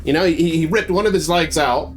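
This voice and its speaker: A man's voice: on the high side, brisk, faint music behind. A man telling a horror story in a casual, rambling way, full of fillers and restarts.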